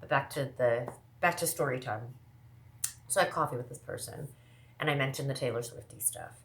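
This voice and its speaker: Low-voiced woman rambling to camera. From American Midwest. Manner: rambling, fast, self-interrupting with asides. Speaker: vlogger. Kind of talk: casual monologue to camera.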